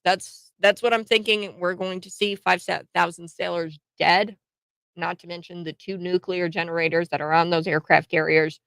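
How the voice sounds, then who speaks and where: A woman hosting a radio talk show, giving animated, mocking political opinions with frequent restarts. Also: lowish voice, dry recording. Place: radio studio.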